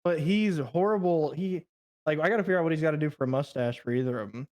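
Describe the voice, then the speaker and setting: A man's voice: on the high side, fast talker, darkish tone. A man co-hosting a casual stream show, easygoing and rambling as he talks. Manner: easygoing, rambling, self-deprecating. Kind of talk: casual chat.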